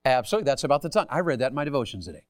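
A man's voice: mid-range voice, sing-song, very fast, no room sound, clean studio sound. A middle-aged man preaching a sermon, calling on the audience with a folksy, teasing manner. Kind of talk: interactive sermon. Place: church hall.

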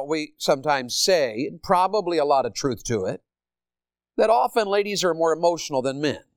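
A man preaching a sermon to a congregation, asking it questions and moving between loud emphatic points and quiet storytelling. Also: on the high side, clean tone, no room sound, studio quality. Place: church or school hall with a congregation.

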